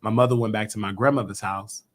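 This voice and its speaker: A man's voice: lowish voice, fast. A man hosting a call-in live stream from his own show, telling stories in a loose, slangy way and acting out the other people's voices. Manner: animated storyteller, slangy, acts out quotes. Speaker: host of a YouTube talk show.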